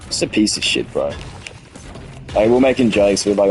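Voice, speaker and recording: A man's voice: fairly low pitch, expressive, moderate pace, long pauses, soft background music, poor audio. A young man in his late teens with an Australian accent, chatting on a stream, rambling and heated, with lots of restarts and swearing. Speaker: gaming streamer. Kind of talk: casual stream chat.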